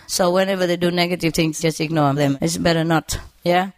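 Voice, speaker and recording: A woman's voice: low voice, a little fast, dry recording. A woman chatting casually about her birds and dog, laughing often as she tells her stories. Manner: laughs often, animated, acts out her pets' voices. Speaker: bird owner. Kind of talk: casual storytelling.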